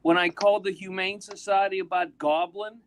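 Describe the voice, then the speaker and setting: Laid-back man with a higher voice. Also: fairly even intonation, a little fast, fairly bright tone, slight background noise. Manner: laid-back, short agreeing replies. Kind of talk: casual group chat on a live stream.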